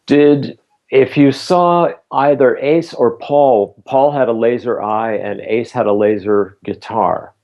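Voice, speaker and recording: A man in his fifties, a former roadie and bass player, telling relaxed stories as an interview guest. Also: takes it slowly, dull audio. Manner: relaxed anecdotal telling, laughs between stories. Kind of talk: casual interview storytelling.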